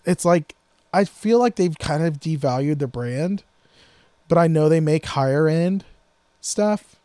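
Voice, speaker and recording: A man's voice: a little high, expressive, a little slow, darkish tone, smooth, no echo, clean studio sound. A man co-hosting a casual podcast about guitar gear, rambling and joking, his sentences often trailing off into mutters. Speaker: podcast co-host.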